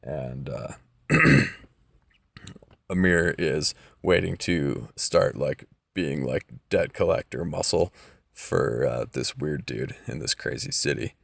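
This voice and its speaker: A man's voice: a bass voice, sing-song, slow, gravelly, a bit bright, no room sound, studio quality. A man casually recapping a story, loose and profane, with lots of fillers.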